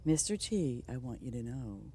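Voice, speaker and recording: A woman's voice: a bass voice, big pitch swings, normal speed, dark tone, a little hiss or hum. A woman streaming a farming game, chatting casually with her viewers and laughing often. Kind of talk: casual live-stream chat while playing.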